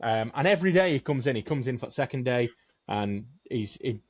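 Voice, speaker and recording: Man, co-host, rambling sweary joke-teller, mid-pitched. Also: animated, a little fast. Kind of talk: casual chat, telling a long joke.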